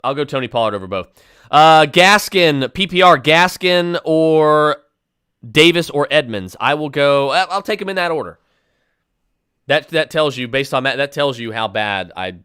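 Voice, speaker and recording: This man's mid-range voice is pushed and bright, clear and resonant, captured in clean studio audio without room sound. Hosting a podcast and fielding listener questions, he fires off decisive, emphatic fantasy football picks, stumbling through fillers and restarts along the way.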